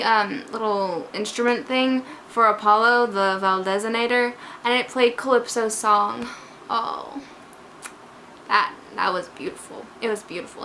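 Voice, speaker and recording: A woman's voice: fairly high pitch, fairly bright tone, a little hiss or hum. A woman talking through a book she loved in a casual vlog, gushing, scatterbrained and emotional as she jumps between parts. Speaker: book vlogger.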